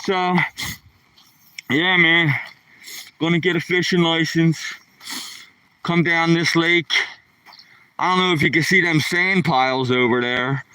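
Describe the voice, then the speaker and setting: A slangy man in his sixties with a Philadelphia accent talks slowly to his live viewers as he walks by a lake, his voice high and bright. The sound is dry and a touch distant from the phone mic. He addresses people by name in an easygoing way. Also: fairly even intonation, clean tone, no echo. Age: 60s. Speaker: live streamer. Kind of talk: casual live-stream chat while walking. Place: outdoors by a lake on a cool rainy morning.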